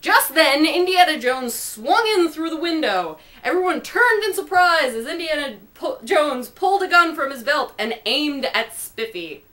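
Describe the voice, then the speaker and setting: A woman reads out her own silly homemade story, slipping in playful asides and giggles. Her voice is high and bright, quick to break into laughter. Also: animated. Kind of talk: comic homemade story reading.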